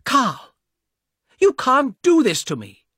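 A scared young woman begs her brother in a high, strained voice, as a man reads her part. Her pitch swings widely and the sound is dry and close, with a breathy edge. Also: huge pitch swings, slow, a bit bright, no room sound, exaggerated voice. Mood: angry. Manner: high pleading voice.

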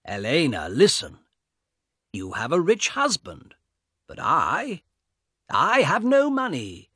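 A man voicing a greedy young man who slowly taunts his sister in a read-aloud story. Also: on the high side, wildly swooping pitch, pushed and bright, breathy edge, no room sound, studio quality, voice pushed up, full character voice. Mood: taunting. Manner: slow, taunting, raised voice. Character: greedy, mocking young man, cold and smiling.

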